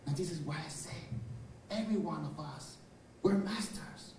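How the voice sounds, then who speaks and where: A man's voice: on the high side, moderate pace, a little mellow, a little hiss or hum. A spiritual teacher, a man, giving an inspirational lecture in a hall and telling personal stories in an earnest, reflective way. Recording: roomy hall, speaker far from mic, faint ambience.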